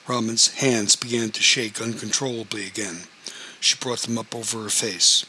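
A man reading a story aloud as its narrator, in an even, plain storytelling manner. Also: fairly low pitch, moderate pace, slight background noise, rough recording.

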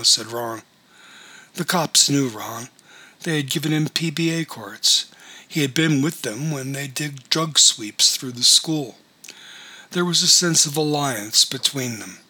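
A male audiobook narrator reading in an even, measured way. His voice is husky, with a bright, tense sharpness to the tone. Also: mid-range voice.

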